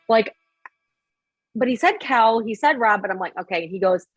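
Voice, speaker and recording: Animated, husky-voiced woman host. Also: on the high side, moderate pace, long pauses, dull audio, faint music behind. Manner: animated storyteller, laughs often. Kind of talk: casual conversation.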